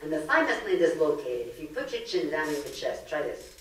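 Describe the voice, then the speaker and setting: An older woman from Brooklyn, New York, gives a comedic lecture packed with jokes and stories in a library meeting room. Her voice is low and a little fast, and the recording is echoey, with a distant mic and a bit of hiss or hum.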